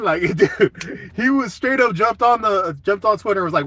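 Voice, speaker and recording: A man's voice: high voice, expressive, moderate pace, few pauses, a bit bright, no room sound. A young man hosting a casual live chat, laid-back and swearing a lot while answering comments.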